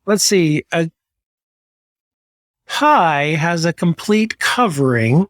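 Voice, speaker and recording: Man, podcast host, high-pitched, playful, teasing, dry close mic. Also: animated, a bit bright, no room sound. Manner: playful, teasing, quick asides. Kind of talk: casual interview chat.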